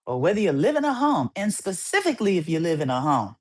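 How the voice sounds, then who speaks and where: Female podcast host, solo casual rant; lower pitch, very lively delivery, playful and repetitive. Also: fairly quick, few pauses. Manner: animated, playful ranting with repeated phrases.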